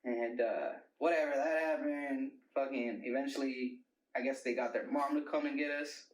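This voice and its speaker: A man's voice: mid-range voice, fairly even intonation, normal speed, recorded from a distance. A young man, a rapper, telling a long wild story in a casual interview, rambling and cursing with plenty of "like" and "bro". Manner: profane, rambling storyteller, bro-talk fillers. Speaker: rapper and producer guest. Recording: roomy, mic set back.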